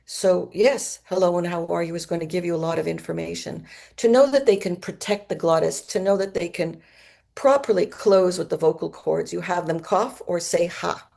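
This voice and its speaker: Low gravelly woman lecturing. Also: moderate pace, dark tone. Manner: explanatory, demonstrates symptoms with her own voice. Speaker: conference speaker. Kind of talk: medical conference lecture. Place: auditorium.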